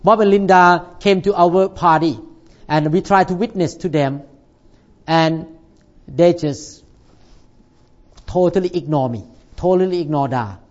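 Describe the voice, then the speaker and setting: A man's voice: fairly high pitch, a little slow, long pauses, dull audio. A male pastor delivering a sermon in slightly non-native English phrasing, emphatic and punctuating his points with "Amen".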